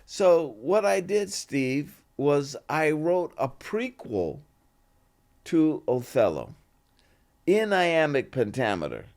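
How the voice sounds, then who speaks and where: This older man speaks slowly in a fairly high voice. As a guest actor in a relaxed interview, he spins stories with lively energy, voicing the lines of the people in them.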